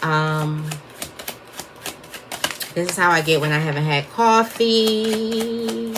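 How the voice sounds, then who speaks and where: A woman's voice: on the low side, completely flat delivery, slow, noisy background. A woman giving a casual tarot reading, chatty and wandering off topic as she talks to her viewers. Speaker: tarot reader.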